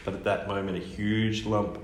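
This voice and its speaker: Man, lowish voice, storybook reading aloud, echoey room, faint background noise. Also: moderate pace. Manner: lively storytelling. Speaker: reader. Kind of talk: reading a children's book aloud.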